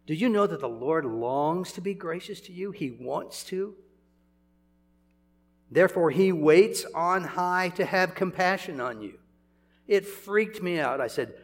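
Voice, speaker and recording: A man's voice: a little high, lively intonation, measured pace. An older man preaching a sermon, conversational, with chuckles and sudden emphatic swells.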